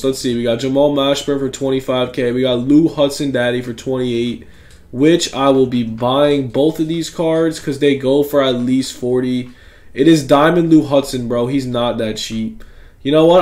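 A young man giving excited, slangy gameplay commentary, talking straight to his viewers. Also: mid-range voice. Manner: hyped, slangy, talks to viewers. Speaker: gaming YouTuber.

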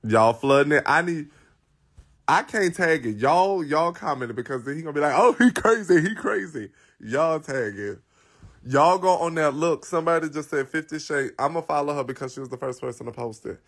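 A man's voice: fairly high pitch, brisk, a bit bright. Blunt, profane man chatting on a live stream. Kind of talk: casual live-stream chat to viewers.

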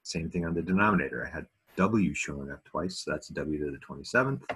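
Math teacher, male, very low and husky, relaxed lesson tone with joking asides. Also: fast talker. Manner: casual, self-deprecating asides. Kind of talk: recorded video lesson.

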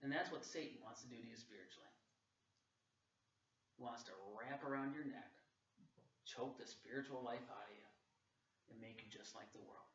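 Pastor, male, forceful bright delivery preached into a reverberant hall, mic set well back, muffled sound. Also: mid-range voice, a little hiss or hum. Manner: storytelling, with emphatic dramatic pauses. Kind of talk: sermon. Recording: dull, echoey sound from a distance.

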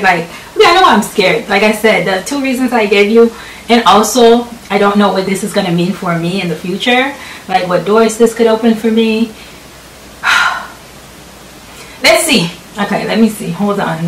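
Excitable woman vlogging in an echoey room. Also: mid-range voice, distant mic, slight background noise. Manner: nervous, excitable, squeals and laughs. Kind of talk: casual vlog chat.

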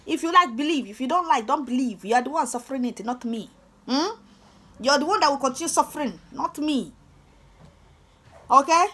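Nigerian woman vlogger, young, slightly high voice, scornful rant, stammery and repetitive. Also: animated, brisk, pauses often, fairly bright tone. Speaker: channel host. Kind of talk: ranting commentary vlog.

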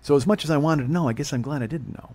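A man hosting a podcast, telling a comedic story in a fast, profane way and laughing at his own jokes. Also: fairly high pitch, darkish tone. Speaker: podcast host. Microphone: studio podcast mic.

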